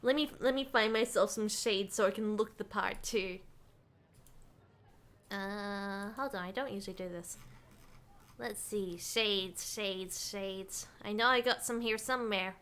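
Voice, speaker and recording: A woman's voice: mid-range voice, a little slow, a bit bright. A young woman streaming a visual novel, chatting casually with playful, giggly, joking asides. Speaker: VTuber streamer. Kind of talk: casual gameplay commentary.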